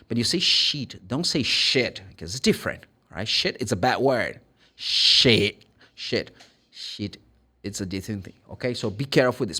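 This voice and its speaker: With a medium-pitched voice and a Brazilian Portuguese accent, a man from Brazil coaches English pronunciation in an easygoing, animated style. He plays out small conversations and spells words letter by letter.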